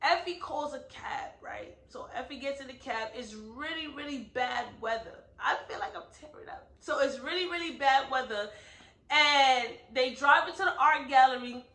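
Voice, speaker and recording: Woman doing a casual book review vlog, high voice, lots of "like" and "right?", echoey room. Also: normal speed, pushed and bright. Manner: emphatic, heavy use of "like" and "right?".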